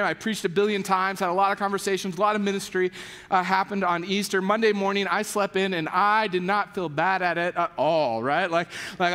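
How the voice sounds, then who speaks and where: High-voiced pastor in a reverberant hall. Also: male voice. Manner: animated storytelling with voiced quotes, many "like" fillers. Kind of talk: sermon. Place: church sanctuary.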